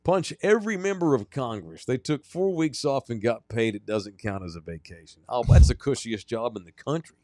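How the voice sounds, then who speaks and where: A man hosting a sports podcast in casual chat, loud, joking and quick to exclaim. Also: mid-range voice, expressive, dry recording, clean studio sound. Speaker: podcast host.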